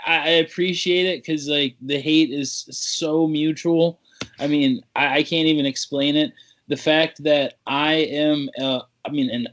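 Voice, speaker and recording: A man co-hosting a casual talk show, trading playful insults with his partner. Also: on the high side. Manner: playful trash-talking banter. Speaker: podcast co-host. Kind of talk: casual chat.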